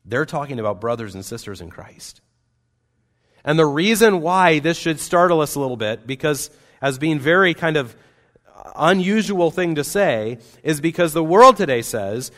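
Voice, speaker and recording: A man preaching a sermon as pastor, earnest and emphatic, with wide swings between loud and soft. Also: on the high side, lively intonation, moderate pace. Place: church sanctuary. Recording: long reverb of a church hall.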